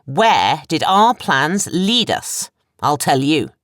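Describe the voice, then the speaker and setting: A woman's voice: big pitch swings, slow pace, a bit bright, dry recording, clean studio sound, heavily acted. A woman narrator voicing a furious, bitter woman who sneers and rants in a raised, mocking voice. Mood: scornful rant. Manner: shrill mocking rant.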